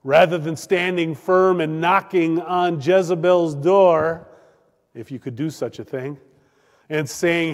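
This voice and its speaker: Guy preaching a sermon real slow, a bit high, big hall echo, gets loud then goes quiet. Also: steady tone. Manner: dramatic, swings between loud declaiming and hushed emphasis. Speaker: pastor.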